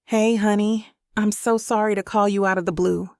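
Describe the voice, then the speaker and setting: A woman's voice: medium pitch, level tone, moderate pace, clean tone, dry recording, close to an everyday voice. Brief: a woman reading as a grieving mother in an audiobook, tearful and unsure, dry close sound. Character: grieving middle-aged mother, shaky and tender.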